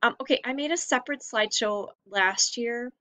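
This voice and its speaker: A woman's voice: on the high side, moderate pace, dry recording, rough recording. A tired woman teacher giving a chatty, rambling recorded lesson late at night from home. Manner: chatty, warm and rambling, with frequent fillers.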